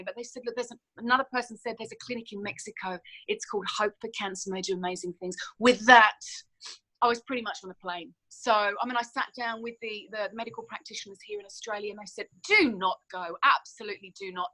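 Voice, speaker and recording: A woman in her thirties speaks as a podcast guest, telling her story in an earnest, emphatic way. Her voice sits fairly high and sounds bright and forceful. She often stumbles and repeats words as she talks. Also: poor audio. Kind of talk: emotional personal story in a podcast interview.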